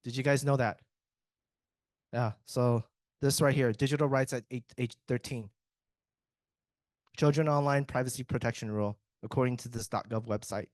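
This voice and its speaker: A man's voice: medium pitch, fairly even intonation, moderate pace, long pauses, darkish tone, dry recording. A man in IT giving a casual, joking conference presentation, chatty and often breaking off mid-sentence to restart. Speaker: IT speaker at a tech summit.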